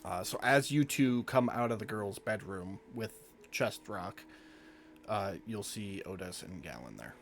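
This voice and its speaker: A man running a tabletop role-playing game as game master, narrating in a relaxed, descriptive way with small restarts. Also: fairly low pitch, a little slow, slight background noise.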